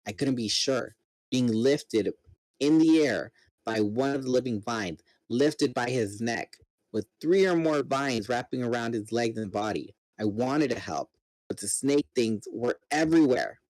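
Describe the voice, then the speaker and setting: A man's voice: mid-range voice, expressive, a little slow, a little mellow, no room sound, poor audio. A man reading a novel aloud, narrating steadily and voicing the characters himself. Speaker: reader. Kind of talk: dramatic book reading.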